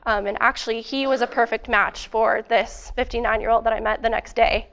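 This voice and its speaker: Chatty young woman presenting, slightly high. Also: fairly even intonation, a little fast, a bit bright. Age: young adult. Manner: casual, many fillers, eager. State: losing her voice. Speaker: student presenter. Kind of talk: academic presentation.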